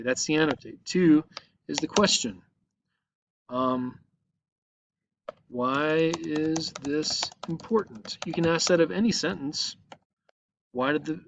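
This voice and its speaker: A man's voice: medium pitch, lo-fi sound, slight background noise. A male teacher patiently walks his students through an online lesson, checking in with frequent "okay?" as he explains each step. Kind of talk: recorded online lesson walkthrough. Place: at a computer, screen recording.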